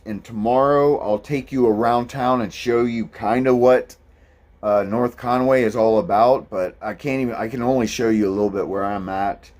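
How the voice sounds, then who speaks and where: This is a thru-hiker's casual vlog monologue about his hike, delivered by a man with a medium-pitched, slightly mellow voice. He drifts from point to point in a relaxed way, filling gaps with lots of ums.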